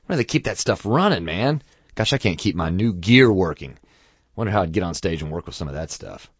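A man's voice: low-pitched, animated, a little fast, husky, no echo. A man hosting a show, chatting in a rambling, casual way with many fillers and chuckles. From United States. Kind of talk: casual monologue. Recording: dull lo-fi dry recording.

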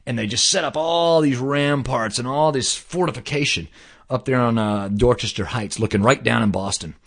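A man telling a story in casual chat, animated and slangy, swearing now and then. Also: mid-range voice, normal speed.

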